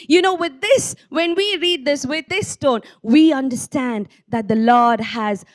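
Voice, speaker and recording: Fervent high-voiced woman preaching. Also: animated, unhurried, hardly any pauses. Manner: earnest, rising to fervent exhortation. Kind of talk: sermon.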